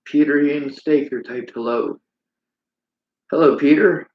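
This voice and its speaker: A man's voice: a little high, measured pace. A man hosting a livestream, ranting bitterly in a preachy way and reading out chat comments. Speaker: livestream host. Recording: roomy, dull lo-fi sound.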